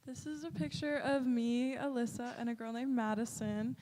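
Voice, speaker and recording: Brief: giggly, bubbly woman, fairly high voice, casual slideshow chat in an echoing church. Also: moderate pace, dark tone, slight background noise. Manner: bubbly, giggly, uses "like" and "literally". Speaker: mission trip presenter. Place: church sanctuary. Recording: reverberant church hall.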